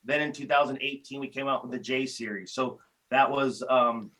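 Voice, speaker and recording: A man talking casually as a podcast guest, telling animated stories with frequent restarts. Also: medium pitch, moderate pace, rough recording. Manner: animated storyteller, many restarts. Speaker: guest, tool company founder.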